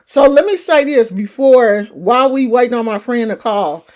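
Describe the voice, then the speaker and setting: A woman's voice: fairly high pitch, lively intonation, normal speed, darkish tone. A middle-aged woman with a California country twang, chatting casually and rambling as a livestream host. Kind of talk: casual chat.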